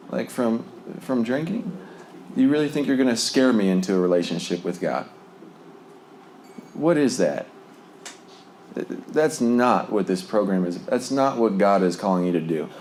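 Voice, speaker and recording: Low-voiced man giving a rambling testimony. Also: a little mellow, slight background noise. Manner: conversational, rambling with fillers and laughs. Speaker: speaker sharing recovery testimony. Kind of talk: personal testimony talk. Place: Lubbock, Texas.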